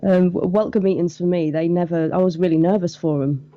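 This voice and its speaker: A woman's voice: lowish voice, steady tone, brisk, warm tone, no room sound, lo-fi sound. A young woman guest on a podcast, chatting casually about past work and laughing easily. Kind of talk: casual chat.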